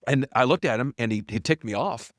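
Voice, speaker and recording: A man's voice: fairly quick, dry recording, clean studio sound. A middle-aged man, a company founder, telling his story candidly as a podcast guest, bluntly and with self-deprecating humor, acting out quoted dialogue. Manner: animated, acts out quoted dialogue with big pitch jumps.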